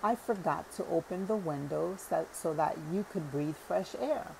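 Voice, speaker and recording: A woman's voice: lowish voice, unhurried, vocal fry, mellow, slight background noise, poor audio. A woman voicing an eager, hospitable old man who fusses to please his older brother, in a storybook reading. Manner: fussing, keen to please.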